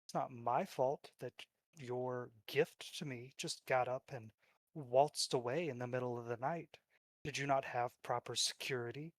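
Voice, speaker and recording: A man voicing a sly, scheming male demon lord in disguise, speaking quietly, coldly and condescendingly. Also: medium pitch, steady tone, a little slow, natural voice. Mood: scornful.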